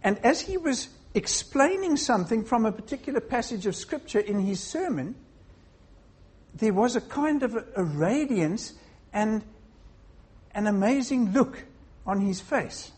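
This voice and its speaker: Preacher delivering a sermon: husky, deliberate, asks the congregation pointed questions. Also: mid-range voice, expressive, a little mellow. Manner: measured, posing rhetorical questions to the congregation.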